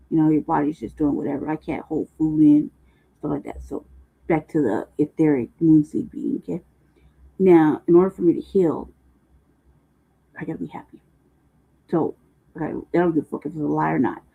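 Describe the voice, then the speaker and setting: Gravelly, phone-muffled livestream talker. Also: mid-range voice. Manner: profane, loose, laughing slang talk. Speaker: livestream host. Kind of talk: casual rambling stream talk.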